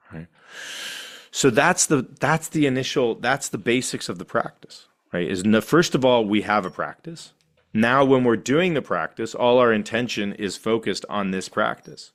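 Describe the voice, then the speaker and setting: A middle-aged man teaching a meditation class, animated and laughing often, with playful asides. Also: on the low side.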